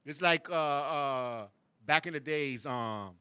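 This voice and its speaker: A man's voice: on the high side, slow, pushed and bright, clear, resonant tone, no echo. A man hosting a show, chatting casually, laughing often and mimicking people in sing-song voices. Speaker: show host. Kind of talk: casual chat.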